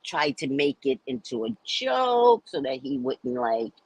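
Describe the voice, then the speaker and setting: A woman hosting a casual storytelling talk, animated and profane, acting out the people she describes. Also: sits low, measured pace, vocal fry, breathy edge, no echo. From United States. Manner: animated, profane, acts out the people in her stories. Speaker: host.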